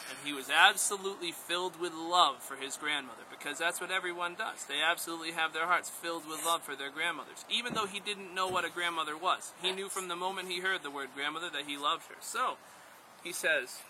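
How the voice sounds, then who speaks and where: A man telling a story aloud to a group, playful and animated, speaking directly to his listeners. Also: fairly high pitch, fairly quick, a little hiss or hum, rough recording. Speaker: storyteller and outdoor instructor.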